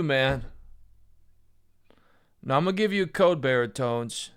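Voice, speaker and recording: A man's voice: medium pitch, lively intonation, measured pace, a bit bright, clear, resonant tone. A man live streaming who stammers, swears a lot and sounds frustrated.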